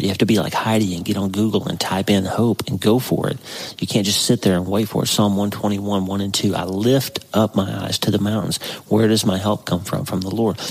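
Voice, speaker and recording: Middle-aged male podcast host, deep husky gravel, earnest devotional delivery. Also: low-quality recording. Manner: earnest, encouraging, reads verses slowly and stresses words. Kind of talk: devotional podcast talk with scripture reading. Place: indoors by a window.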